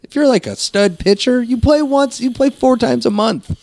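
A man co-hosting a casual sports chat, laid-back and swearing a lot, often dropping his voice low. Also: moderate pace, gravelly, a little mellow. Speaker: podcast co-host.

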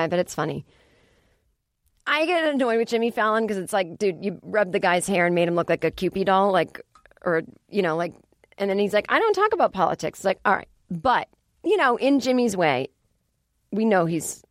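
A woman's voice: mid-range voice, dry recording. Chatty woman podcast host, dry studio. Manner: chatty, rambling, self-deprecating, many fillers. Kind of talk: casual comedic monologue.

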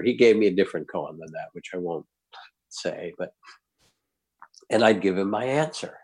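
An older man, a guest, telling a personal anecdote in an animated way and acting out the scenes. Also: low-pitched, normal speed. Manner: animated storyteller, acts out scenes. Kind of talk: anecdotal storytelling.

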